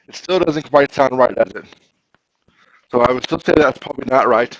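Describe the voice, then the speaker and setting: A man's voice: mid-range voice, quick pace, no echo, muffled recording. A man teaching a grammar lesson to a class, patiently explaining step by step and asking his students questions.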